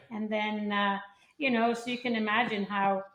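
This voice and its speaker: A woman's voice: mid-range voice, fairly even intonation, measured pace, fairly bright tone. A woman from Sweden, answering interview questions modestly and with hesitant fillers. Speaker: guest, professional golfer. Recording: echoey room.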